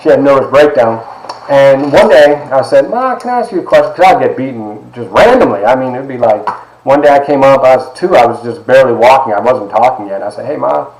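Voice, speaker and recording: A man's voice: mid-range voice, fairly quick, a little mellow. Emphatic man lecturing in an echoey classroom. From Ohio, United States. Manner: candid, emphatic, conversational with frequent asides. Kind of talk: personal storytelling in a lecture.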